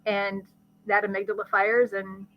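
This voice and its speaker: A woman, a guest expert, explaining brain science in conversation with a lively teaching manner and vivid everyday examples. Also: mid-range voice, unhurried, muffled recording, a little hiss or hum. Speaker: guest expert on ADHD and learning.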